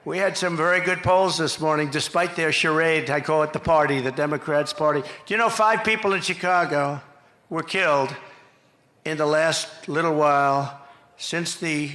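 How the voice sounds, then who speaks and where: An older man works a crowd at a campaign rally, boastful and repetitive, and shouts out his punchlines. His voice is slightly high and forceful. The sound rings with the echo of rally loudspeakers. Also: fairly even intonation, normal speed. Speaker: political candidate at a rally. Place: outdoor rally stage.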